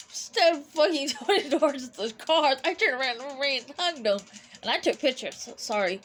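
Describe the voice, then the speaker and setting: A woman's voice: high-pitched, big pitch swings, moderate pace, a little hiss or hum. A young woman telling a personal story in a casual, rambling way, with many restarts and fillers. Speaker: vlogger.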